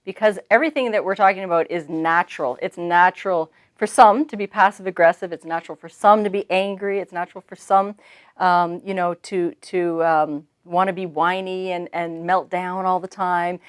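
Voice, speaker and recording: A woman co-hosting a marriage devotional, talking earnestly in a casual teaching chat, with halting restarts. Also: lowish voice, steady tone.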